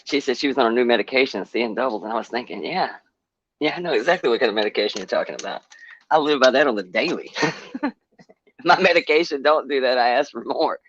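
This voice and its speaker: A man's voice: medium pitch, fast talker, fairly bright tone, highs cut off. A man from Alabama with an Alabama accent, a panel guest chatting casually online in a drawling, profane way and laughing at himself.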